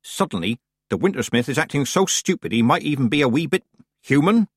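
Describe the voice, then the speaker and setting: A man voicing a stern, sharp old woman witch with a dry, firm and clipped manner. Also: mid-range voice, sing-song, fairly quick, husky, no room sound, voice pushed up. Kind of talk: audiobook character voice.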